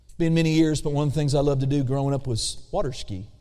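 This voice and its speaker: A man's voice: on the high side, fairly even intonation, mellow. A man preaching a sermon as pastor, drawing out key words and calling for responses. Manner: slow, drawn-out emphasis with call-and-response. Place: church sanctuary. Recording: long church reverb.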